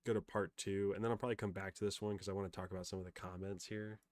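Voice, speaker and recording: Rapid-fire and level in tone, a deep, slightly mellow male voice carries a young streamer's frustrated, rambling rant on a live stream, packed with fillers. The recording is dry.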